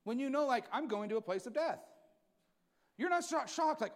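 A man preaching a sermon as pastor, folksy and emphatic, dropping low and quiet, then rising loud. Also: lively intonation, moderate pace.

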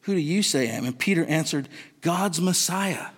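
A man's voice: fairly high pitch, expressive, fast, a bit bright. A man preaching a sermon in an earnest, questioning, conversational way. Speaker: pastor. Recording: long reverb of a large hall.

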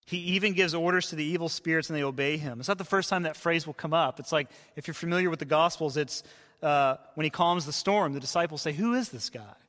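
A man who is a pastor, preaching a sermon in a conversational way and dropping to hushed tones for quoted voices. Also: on the high side, fairly even intonation, fast talker. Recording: long hall reverb.

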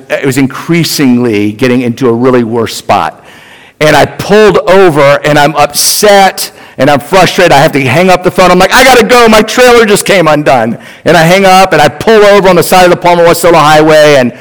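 A man's voice: mid-range voice, long reverb tail, low-quality recording. A middle-aged man preaching a sermon. He tells a personal story in a conversational way and speaks directly to the congregation. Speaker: pastor.

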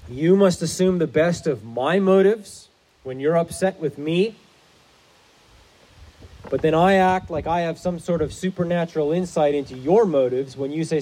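A man's voice: on the high side, darkish tone, low-quality recording. A man preaching a sermon as pastor, in an earnest, explanatory manner.

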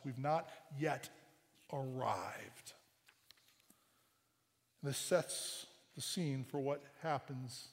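Emphatic preacher in an echoing sanctuary. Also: male voice, a little high. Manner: emphatic, rising to loud bursts, asks the congregation "right?". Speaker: pastor. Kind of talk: sermon. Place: church sanctuary. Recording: long hall reverb.

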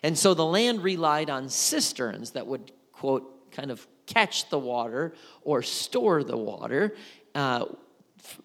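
A man preaching a sermon in an animated, conversational storytelling way. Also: a little high, in a large hall.

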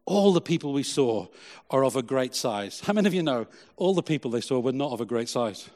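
A middle-aged man, a pastor, preaching a sermon with emphatic, slow, repeated phrases. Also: medium pitch, animated, darkish tone, in a large hall.

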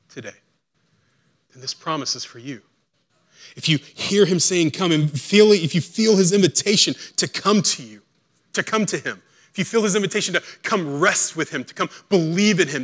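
A man preaching a sermon as pastor, acting out quotes and swinging between hushed, slow lines and loud, urgent ones. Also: on the high side.

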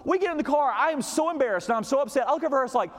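A middle-aged man preaching a sermon as a story, swinging from hushed, low passages to loud, excited ones. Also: very fast. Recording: long reverb of a large hall.

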